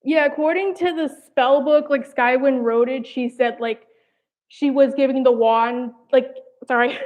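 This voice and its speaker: Unhurried and fairly even in intonation, her high, darkish voice carries a young New Jersey woman's casual, rambling livestream chat. She hosts an animation commentary channel, says "like" and "I don't know" often, and is a little out of breath, with tinny phone-like sound.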